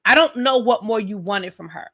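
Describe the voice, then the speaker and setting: A woman with a bright, forceful voice who reviews reality TV on her live stream. She rants with sass and strong opinions and keeps talking straight to her viewers. Her voice sits at an ordinary pitch for a woman. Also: animated, normal speed.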